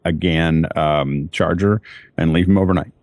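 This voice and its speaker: A man's voice: sits low, fairly even intonation, moderate pace, darkish tone, dry recording. A man on a tech podcast panel, chatting casually about gear in a rambling way with many restarts.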